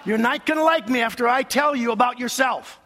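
A man's voice: extremely high pitch, brisk, sharp tone, in a large hall. A male pastor preaching a sermon, emphatic and preacherly, leading his congregation in call-and-response.

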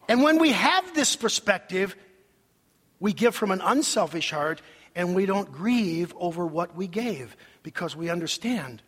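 Animated preacher in a big hall. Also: male voice, high-pitched, unhurried. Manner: animated preaching with acted-out quotes. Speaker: pastor. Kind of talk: sermon. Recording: long hall reverb.

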